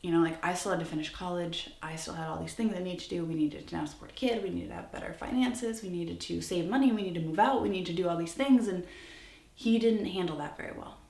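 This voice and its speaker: Woman, 20s, vlogger, candid storytelling, gravelly low voice, roomy echo. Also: fast talker, darkish tone. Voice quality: creaky, gravelly. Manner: candid, conversational, with many fillers like "like". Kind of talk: personal storytelling. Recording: echoey room, slightly off-mic.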